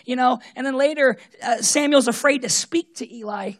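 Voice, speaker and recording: Woman, preacher, sermon, husky, fairly high voice, storytelling, loud-to-hushed swings. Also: brisk, few pauses.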